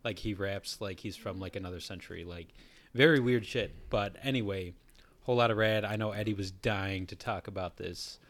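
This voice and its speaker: A man's voice: fairly low pitch, moderate pace, a bit bright, no room sound. A man co-hosting a casual podcast in a laid-back, dry way. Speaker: podcast co-host. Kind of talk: casual chat.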